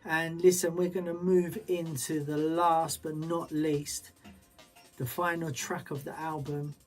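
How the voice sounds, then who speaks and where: A man's voice: fairly high pitch, flat delivery, measured pace, faint music behind. A man hosting as a DJ, chatting casually and upbeat, with loose slangy talk. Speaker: DJ and show host. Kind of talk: casual livestream chat.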